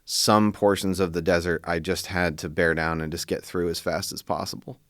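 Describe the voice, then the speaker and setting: Low, smooth-voiced man in his forties. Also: moderate pace, no room sound, clean studio sound. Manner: relaxed, reflective, with many "you know"s. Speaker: interviewee recalling a journey. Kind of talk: casual interview recollection.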